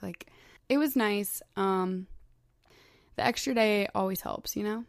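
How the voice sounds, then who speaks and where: Gushing young woman with gravelly fry. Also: mid-range voice, normal speed, darkish tone, no room sound, studio quality. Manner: chatty, heavy use of "like", gushing. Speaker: podcast host. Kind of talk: casual solo chat.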